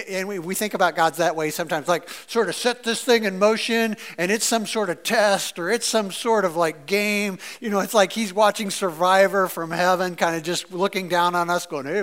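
A male pastor with a high voice preaching a sermon. He talks in an easy, chatty way, full of fillers, and now and then acts out voices to make a point. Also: clean tone. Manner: conversational and animated, with many fillers; playfully acts out quoted voices.

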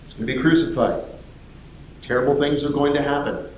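A man preaching a sermon as lively storytelling, acting out the voices of the people in his story. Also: a little high, brisk, slight background noise. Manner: animated storytelling, acts out voices. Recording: echoey hall.

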